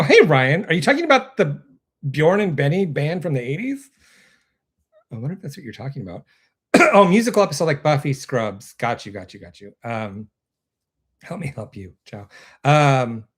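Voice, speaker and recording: A man hosting a casual live stream from his computer, rambling and interrupting himself, laughing often, with his voice going a bit hoarse. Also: medium pitch. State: losing his voice. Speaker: actor and web series creator hosting a live stream.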